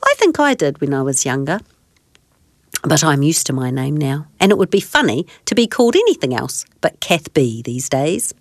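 Gentle expressive woman reading a kids' story. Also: deep voice, normal speed. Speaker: storyteller host.

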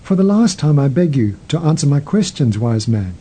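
A man voicing an earnest king who pleads respectfully for answers, in a husky voice. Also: a little high, very animated, moderate pace, warm tone. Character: earnest young male king seeking answers.

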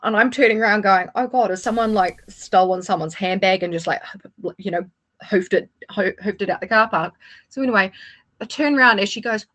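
A woman's voice: a little high, animated, a little fast, a bit bright. A woman in casual radio chat, telling anecdotes sarcastically and acting out the quotes.

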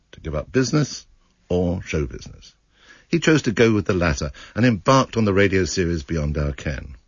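A man with a very deep, husky voice reads his memories in a measured, fond manner. The recording is dry and muffled, like an old archive tape. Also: no room sound. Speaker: comedy writer reminiscing. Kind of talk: read memoir narration.

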